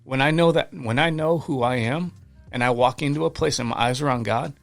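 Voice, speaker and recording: Over soft background music, a podcast guest with a gravelly mid-range voice speaks briskly. His casual storytelling about faith is fervent and earnest, marked by frequent restarts and repeated words.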